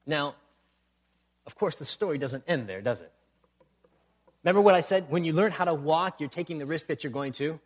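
A man's voice: a little high, lively intonation, normal speed, pauses often. A man preaching a sermon, building to emphatic bursts and repeating refrains. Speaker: pastor.

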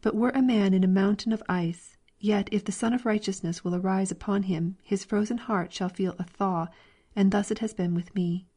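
A woman narrates a classic allegory in a calm, measured storybook reading. Her tone is mellow and warm, at a middle pitch. She keeps the characters' voices close to her own. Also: husky. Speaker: reader.

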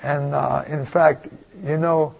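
A man's voice: fairly high pitch, little pitch movement, takes it slowly, creaky, darkish tone. An older man preaching a folksy, rambling storytelling sermon, full of asides and restarts.

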